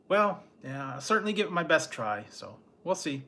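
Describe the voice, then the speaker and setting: A man's voice: fairly high pitch, big pitch swings, moderate pace, hardly any pauses, bright, forceful tone, a little hiss or hum. A man chatting casually on a late-night livestream, rambling in an easygoing way and chuckling often. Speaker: food vlogger.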